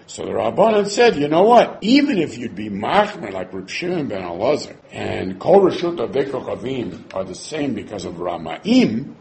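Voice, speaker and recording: A man teaching a Talmud class with a lively, swooping delivery, slipping Hebrew and Aramaic terms into his English. He voices the rabbis' arguments as if quoting them. His voice sits a little high for a man, with a faint hiss of background noise. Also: low-quality recording. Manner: animated, acts out the rabbis' arguments in quoted voices. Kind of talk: Talmud lecture.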